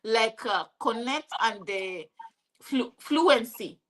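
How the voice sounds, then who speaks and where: Young kenyan woman, high bright voice, kenyan accent, chatty interview, lots of restarts. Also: slow, rough recording. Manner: animated, repeats and restarts, switches into Swahili. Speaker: interview guest. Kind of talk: casual conversational interview.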